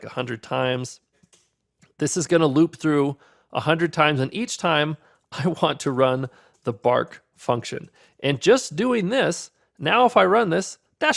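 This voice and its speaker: A man teaching a beginner programming course, talking through his code step by step in a relaxed, upbeat way. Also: a little high, gravelly. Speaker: programming instructor. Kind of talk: screen-recorded coding tutorial.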